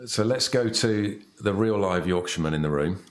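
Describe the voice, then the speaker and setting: A man's voice: lowish voice, moderate pace, roomy sound. A man hosting a live online contest broadcast, chatting and handing over to his guests. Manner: chatty, inviting guests to comment. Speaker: livestream contest host.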